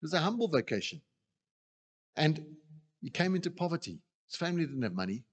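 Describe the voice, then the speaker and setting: A man preaching a sermon who acts out the voices he quotes with animated delivery. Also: fairly high pitch, brisk. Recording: long reverb of a hall.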